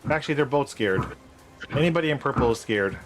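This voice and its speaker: A man's voice: mid-range voice, expressive, brisk, very noisy. A man acting as game master over a video call, casually describing scenes and explaining rules to young players with plenty of fillers.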